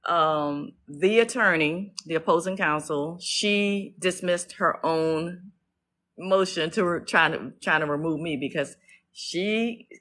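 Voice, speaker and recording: A woman's voice: on the low side, slow, a bit bright. A middle-aged woman ranting on a casual livestream about her own court case, blunt and profane, stressing her points and often restarting her sentences.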